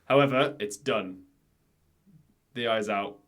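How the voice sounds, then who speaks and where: A man's voice: on the low side, slow pace, fairly bright tone. Male podcast co-host, casual, explanatory. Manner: chatty, explains things step by step. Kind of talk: casual chat.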